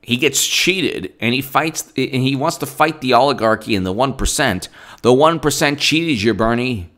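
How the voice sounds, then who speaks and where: A man's voice: mid-range voice, animated, moderate pace, fairly bright tone. A man giving political commentary in a solo video, combative and rambling, with asides and quotes read from his phone.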